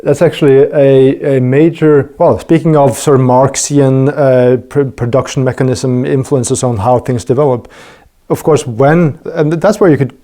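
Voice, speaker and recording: A man's voice: medium pitch, fairly even intonation, moderate pace, hardly any pauses, dark tone. A man hosting a podcast interview, talking casually and thinking aloud with frequent restarts and fillers. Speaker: podcast host.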